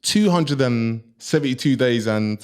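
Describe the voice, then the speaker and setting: A man's voice: mid-range voice, measured pace. Laughing young man telling a story. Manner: animated, laughing through his story. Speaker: podcast co-host. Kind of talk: comedic storytelling among friends. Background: friends reacting and laughing.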